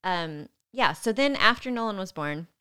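A woman's voice: medium pitch, expressive, moderate pace, sharp tone, clean tone. A woman animatedly telling a personal story in casual chat, often breaking into laughter. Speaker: guest telling her birth story.

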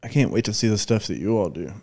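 A man's voice: fairly low pitch, lively intonation, fast, a little mellow. A man with a Southern US accent, chatting casually as a podcast guest in a loose, rambling way full of filler words.

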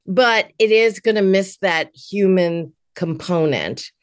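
A woman's voice: medium pitch, lively intonation, slow, no room sound, clean studio sound. A middle-aged woman working as a voice-over teacher, talking as a guest in a casual interview, chatty and candid, with plenty of "like" and "you know".

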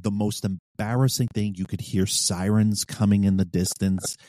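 Low, mellow-voiced man telling a cop story. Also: moderate pace, no room sound. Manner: profane, animated storyteller acting out his own past lines. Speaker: podcast co-host, former police officer. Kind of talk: casual storytelling chat.

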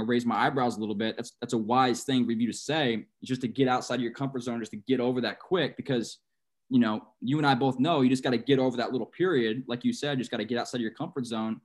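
A man's voice: mid-range voice, darkish tone. A young man hosting a podcast who asks questions and talks earnestly and encouragingly. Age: young adult. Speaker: podcast host. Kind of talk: casual interview talk.

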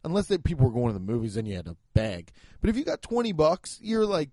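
A young man in his twenties or thirties, a comedian rambling through a profane, animated monologue with bursts of shouting. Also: a little high, fast, no room sound. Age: 20s to 30s.

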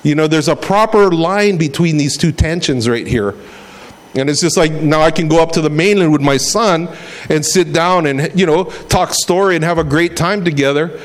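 A man's voice: fairly high pitch, normal speed. A middle-aged man preaching a sermon in a conversational way, acting out quotes as he goes. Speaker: pastor.

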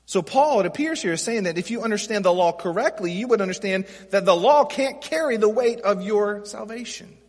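High-voiced, husky pastor preaching in a hall. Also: male voice, lively intonation, brisk, few pauses. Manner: conversational preaching with acted quotes and rhetorical questions. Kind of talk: sermon.

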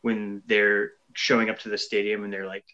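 Man, casual movie chat, laughs a lot, bright forceful tone, slightly dull recording. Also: lowish voice, little pitch movement, moderate pace. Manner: laughs often, quotes movie lines eagerly. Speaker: podcast co-host.

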